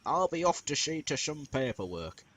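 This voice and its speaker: Man putting on a stern middle-aged railway boss, formal, measured, lively. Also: a little high, husky, voice pushed up, full character voice. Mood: kindly.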